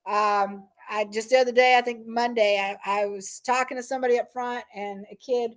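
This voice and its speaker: A woman's voice: on the high side, steady tone, moderate pace. Chatty woman leading a parent training. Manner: conversational, frequent "right?" and "um". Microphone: meeting recording.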